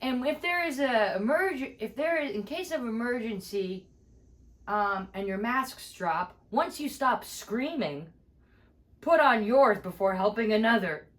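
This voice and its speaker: A woman voicing a drunk, brassy female flight attendant who makes loud, sing-song intercom announcements and cracks jokes. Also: on the high side, expressive, measured pace, voice pushed up.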